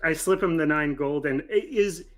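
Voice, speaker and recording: Man player, fairly high voice, eager, stumbling restarts, faint music behind. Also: normal speed. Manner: animated, repeating starts. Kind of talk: tabletop game table talk.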